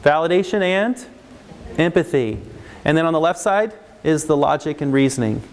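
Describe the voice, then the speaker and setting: A man's voice: on the high side, normal speed. A man counseling parents and teachers, talking casually and acting out what kids and adults say. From United States. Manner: animated, acts out kid and adult voices. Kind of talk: instructional talk with acted examples.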